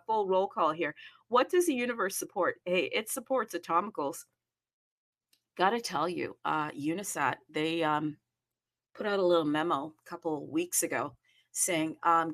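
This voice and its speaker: A woman's voice: lowish voice, very animated, normal speed, sharp tone. A woman hosting a casual crypto livestream, bubbly and exclamatory, with playful asides. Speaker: livestream host.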